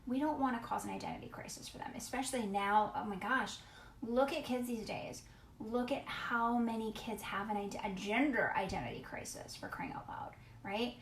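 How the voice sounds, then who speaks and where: A woman talks through parenting advice in a chatty, emphatic way, breaking off to greet viewers by name. Her voice sits a little high. The room is echoey, with a faint hum behind her. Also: moderate pace. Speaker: parenting coach. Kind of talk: casual live-stream talk.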